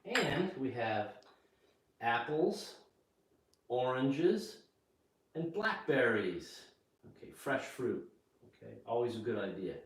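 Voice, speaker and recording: A man teaching English pronunciation in a home kitchen, slowly repeating each word in a drill. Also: mid-range voice, very animated. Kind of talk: slow vocabulary drill lesson. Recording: echoey room, voice from a distance, faint hiss.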